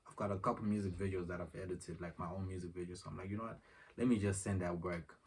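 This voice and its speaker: A man's voice: low-pitched, steady tone, quick pace. A young man telling a rambling, slangy story in a casual vlog, acting out the back-and-forth of conversations, filmed at home on his phone. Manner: rambling, slangy, retells exchanges in dialogue. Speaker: vlogger. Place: room at home. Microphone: phone camera. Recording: distant phone mic, faint noise.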